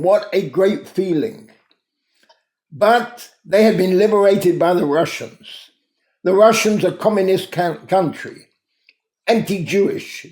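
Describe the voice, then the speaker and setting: A man's voice: high voice, a little mellow. A man hosting a daily talk, telling a moral story in an earnest, emphatic way. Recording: roomy echo.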